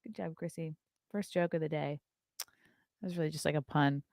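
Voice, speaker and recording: A woman's voice: low voice, steady tone, a little fast, darkish tone, no room sound, studio quality. A woman in her thirties hosting a casual morning show, chatty and sarcastic, swearing freely. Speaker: show host.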